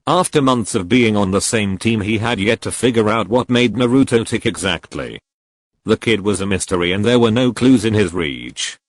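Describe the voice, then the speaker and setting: Low-voiced man narrating a fanfic. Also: normal speed, no room sound. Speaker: fanfiction reader. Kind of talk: narrated story reading.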